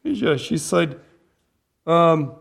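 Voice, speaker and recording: A man with a fairly high voice preaches in a loose, conversational way. He keeps asking his listeners questions and breaks into laughter as he makes his points. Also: lively intonation, drawn-out words, gravelly, fairly bright tone. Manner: conversational, asks the audience questions and laughs often. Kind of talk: sermon.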